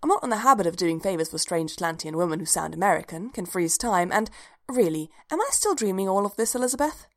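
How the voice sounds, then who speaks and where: A woman's voice: medium pitch, lively intonation, fast, a bit bright. A woman voicing a proper, bookish young woman archaeologist who speaks in a polite, formal and slightly fussy way, in a storybook reading. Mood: prim.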